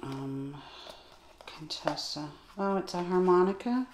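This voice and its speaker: A woman's voice: mid-range voice, slow pace, darkish tone. A woman vlogger unboxing toys in casual commentary, musing to herself and gasping with delight at her finds. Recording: echoey room with clear background noise.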